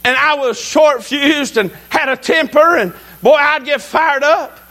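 Preacher guy with a really high bright voice, folksy, keeps telling the church to listen. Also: a little slow. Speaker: pastor. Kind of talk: sermon. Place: church service.

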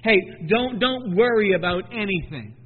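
A man preaching a sermon, swinging between hushed and loud, often repeating and stumbling over words. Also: high voice, expressive, moderate pace, slightly rough. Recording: tinny phone-like sound in a long echoing hall.

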